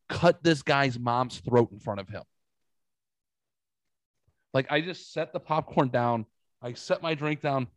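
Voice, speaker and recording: A man hosting a casual podcast, telling stories in an animated way and swearing freely. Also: a little high, dry recording. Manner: animated storytelling, swears a lot. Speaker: podcast host.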